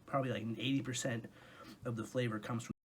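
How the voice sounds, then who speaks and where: A young man rambles through a comic fast-food review, wandering off on tangents and breaking into sweary rants. His voice sits at an ordinary middle pitch. Faint noise and a few clicks run behind him in his dim room. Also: fairly even intonation.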